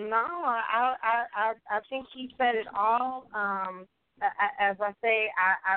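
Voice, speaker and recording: A woman's voice: medium pitch, no room sound. A woman co-host talks with open appreciation, stumbling over repeated words as she speaks. Her voice is dry and close. It reaches us through a thin, phone-like line. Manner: warmly appreciative, stammering restarts. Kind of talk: casual talk show chat. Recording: tinny phone-line audio.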